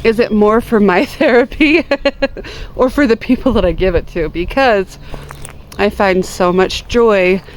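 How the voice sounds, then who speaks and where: A woman's voice: mid-range voice, a little slow, slight background noise, rough recording. A middle-aged woman chatting to viewers while she gathers flowers in her outdoor garden, filmed by a camera on a tripod. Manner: chatty, gushing over flowers, talks to viewers while cutting. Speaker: gardening vlogger. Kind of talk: casual garden vlog talk.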